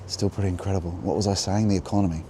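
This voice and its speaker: A man's voice: sits low, steady tone, very fast. A man talking as he walks through a church garden by the harbour, musing and offhand. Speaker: vlogger. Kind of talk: walking tour vlog with talk. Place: outdoors by a harbour. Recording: outdoor noise and passing vehicles. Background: outdoor ambience and traffic.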